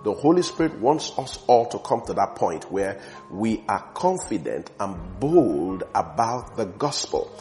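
A man preaching a sermon with emphasis, repeating words for stress and swinging between soft and loud passages. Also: lowish voice, sing-song, a little slow, faint music behind.

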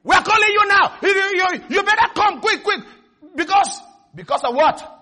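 A man's voice: extremely high pitch, animated, normal speed, sharp tone, pitched above the performer's own voice, full character voice. A man acting out a pushy male debt collector on the phone, urgent and bossy, repeating himself. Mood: demanding.

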